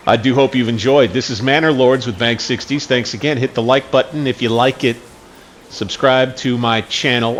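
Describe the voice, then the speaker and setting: A man hosting a gaming channel, giving relaxed, rambling commentary on his gameplay. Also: mid-range voice, slight background noise. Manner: relaxed, rambling, with fillers and self-corrections. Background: game music.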